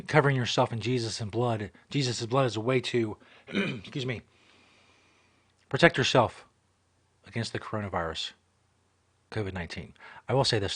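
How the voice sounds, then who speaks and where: A man's voice: mid-range voice, fairly bright tone, slightly rough. Host, man, casual live stream talk, swears a lot and jokes around. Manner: profane, joking, rambling.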